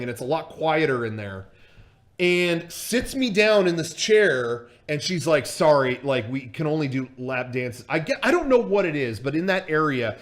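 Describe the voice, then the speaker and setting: A man casually telling a story on a livestream, swearing freely and full of fillers and restarts. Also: a little high. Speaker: streamer and storyteller.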